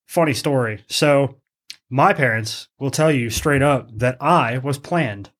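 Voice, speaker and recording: A man's voice: mid-range voice, a little slow, a bit bright. A man co-hosting a podcast, joking in casual chat and keeping the show moving. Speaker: podcast co-host.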